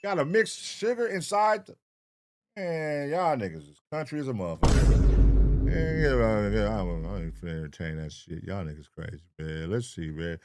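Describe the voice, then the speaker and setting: A man's voice: lowish voice, expressive, normal speed, very noisy. A man hosting a live stream, chatting loosely and profanely with his chat and reading out names in a sing-song voice. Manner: sing-song roll-call shout-outs. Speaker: streamer host. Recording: music playing loudly behind. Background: hip hop music.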